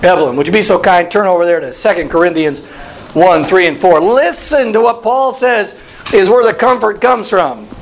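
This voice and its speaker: Teaching a Bible study, this high-pitched pastor speaks at a moderate pace, questioning his listeners and echoing key phrases in an interactive sermon. There's slight background noise, and the recording is rough.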